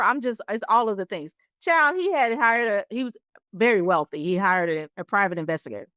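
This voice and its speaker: A middle-aged actress telling stories as a guest in an interview, acting out the voices of people in them. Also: female voice, medium pitch, brisk, no echo, studio quality. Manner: animated, acts out voices in her stories. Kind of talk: storytelling interview.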